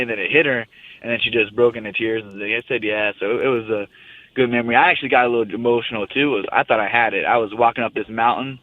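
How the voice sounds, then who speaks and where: Fast-talking young man on a phone line. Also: mid-range voice, no echo. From United States. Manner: rambling, loose and profane. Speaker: guest fighter. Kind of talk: casual radio interview.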